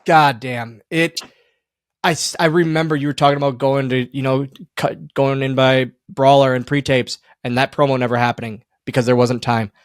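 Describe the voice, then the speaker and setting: In a clean studio recording without room sound, a man hosts a podcast in casual interview chat. His medium-pitched voice is clear and resonant at a moderate pace, and he tells stories animatedly, laughing a lot.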